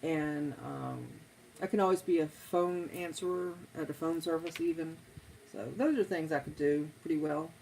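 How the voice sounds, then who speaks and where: A middle-aged woman chats casually on a live stream. She rambles easily from one topic to another in a lowish voice, with a faint hum of ambience behind her. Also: normal speed, creaky, a little mellow, rough recording. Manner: rambling, chatty, drifting between topics. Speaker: streamer chatting with viewers.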